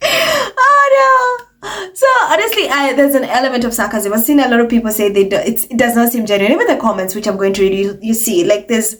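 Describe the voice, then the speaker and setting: A woman's voice: fairly high pitch, fast talker, hardly any pauses. A woman hosting an opinionated commentary vlog, talking in a sarcastic, mocking way and putting on voices to imitate people. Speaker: commentary channel host.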